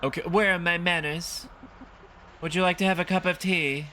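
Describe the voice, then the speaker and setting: A man's voice: high-pitched, fairly even intonation, normal speed, sharp tone, slight background noise, pitched above the performer's own voice. A man voicing a frail, polite elderly widow who pleads and fusses over her guest. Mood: gentle.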